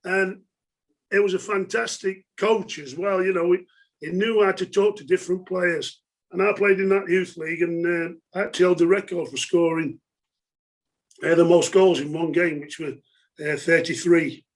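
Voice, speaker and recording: Middle-aged bloke telling football stories, pretty high voice, chatty and laughing. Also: male voice, steady tone, moderate pace. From England. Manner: chatty, laughing, many fillers. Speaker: former footballer, guest. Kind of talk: casual storytelling interview.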